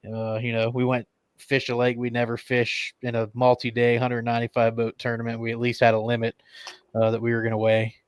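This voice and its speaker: A man's voice: medium pitch, completely flat delivery, a little fast, smooth, no room sound. A man, a tournament angler, telling a story on a podcast in a rambling way, with lots of fillers.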